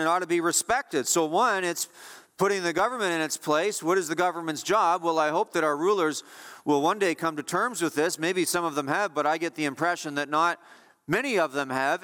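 A man's voice: fairly high pitch, fairly bright tone, in a large hall. A male pastor preaching a sermon with emphatic delivery, repeating key phrases to drive points home.

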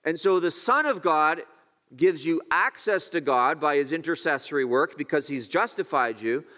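A man preaching a sermon, earnest, slowing down to stress key words and rising on questions. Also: on the high side, fairly bright tone. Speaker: pastor.

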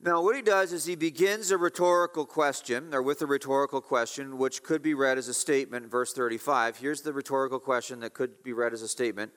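A man's voice: medium pitch, steady tone, fairly quick, hardly any pauses, a bit bright. Emphatic male preacher in a reverberant hall. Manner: emphatic, repeats key phrases, rises and drops in volume. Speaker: pastor. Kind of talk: expository sermon.

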